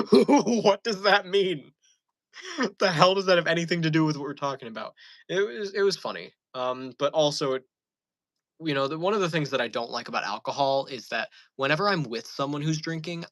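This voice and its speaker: Man in a bright, middle-pitched voice for a chatty vlog monologue; loose and meandering, dry close-mic sound. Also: no room sound, low-quality recording. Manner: rambling, amused storytelling with frequent fillers. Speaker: channel host. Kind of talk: casual rambling monologue.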